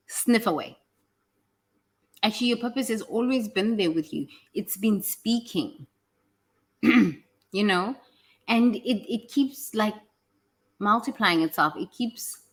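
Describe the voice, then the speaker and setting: A woman giving a blunt, emphatic motivational monologue, swearing freely and repeating phrases for effect. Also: medium pitch. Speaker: self-help vlogger.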